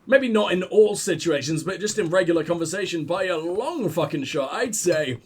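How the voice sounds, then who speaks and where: A man's voice: high-pitched, expressive, normal speed, a little hiss or hum. A young man with a southern English accent, ill, giving sweary, sarcastic, rambling commentary over a game. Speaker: let's play host. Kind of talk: casual gameplay commentary.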